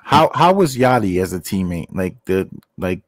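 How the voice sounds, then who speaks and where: A man co-hosting a relaxed chat asks quick, curious follow-up questions. His pitch moves in a lively way, and the sound is dry and close. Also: no room sound. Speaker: podcast co-host asking questions. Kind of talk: casual interview chat.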